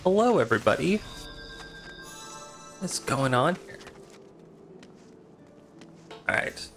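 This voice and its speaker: A man's voice: a little high, sing-song, takes it slowly, a bit bright, soft background music. A man casually talking through a game on a live stream, rambling, unsure and poking fun at himself. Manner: casual, rambling and self-mocking, often unsure. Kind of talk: live-stream gameplay commentary.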